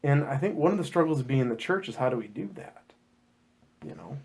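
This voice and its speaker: A man co-hosting a casual church podcast, jokey and animated, often slipping into comic voices. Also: mid-range voice, fairly quick, vocal fry, husky. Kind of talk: casual chat.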